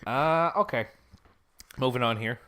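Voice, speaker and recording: A man's voice: medium pitch, unhurried, bright, forceful tone, smooth. A man co-hosting a podcast, telling a story in casual chat, rambling and often laughing. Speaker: podcast co-host.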